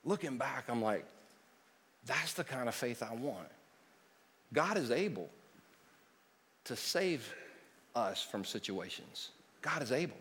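A man preaching a sermon, moving between loud declarations and quiet storytelling. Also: mid-range voice, animated, normal speed, long pauses. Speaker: pastor. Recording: long hall reverb.

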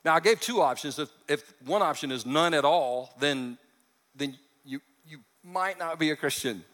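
A male pastor delivering a lively sermon with a high, bright voice that keeps breaking into jokes. His words carry a long reverb, as if spoken in a large church sanctuary. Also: moderate pace. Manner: animated, joking asides, acts out quotes.

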